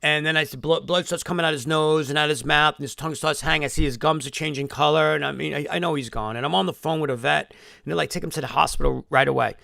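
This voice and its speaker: A man's voice: fairly high pitch, fairly even intonation, quick pace, creaky, bright, forceful tone, no room sound, studio quality. A man telling a long emotional story in a rambling live-stream monologue, swearing often.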